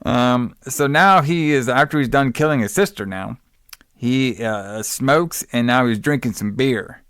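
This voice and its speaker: Brief: male podcast host, mid pitch, rambling and profane, dry close mic. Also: unhurried, fairly bright tone, smooth, no echo. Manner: rambling, profane, wrestling-fan slang. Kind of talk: casual film recap.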